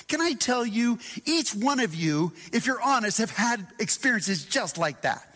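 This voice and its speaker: A high-pitched man preaches with animated, dramatic delivery. He acts out the voices of scripture and sometimes drops to a hush. His voice rings with long reverb through a church hall. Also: unhurried. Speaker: pastor. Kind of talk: sermon.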